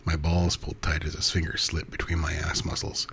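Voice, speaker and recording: A man narrating an intimate first-person erotic story in a soft, breathy voice that often drops to a half-whisper. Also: a bass voice, monotone, a little fast, a little hiss or hum.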